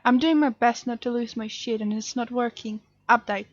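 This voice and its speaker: A woman's voice: on the high side, moderate pace, no echo, dull audio, natural voice. A woman reading out the texts of an anxious, grieving young man, in a voice close to her own. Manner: reading text messages aloud.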